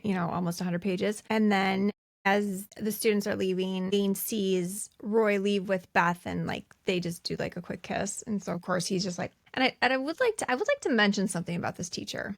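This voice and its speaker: A woman's voice: mid-range voice, creaky, no echo, studio quality. A woman co-hosting a podcast, chatting casually as she recounts movie scenes and acts out short quoted lines. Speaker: podcast co-host. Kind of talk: casual movie recap chat.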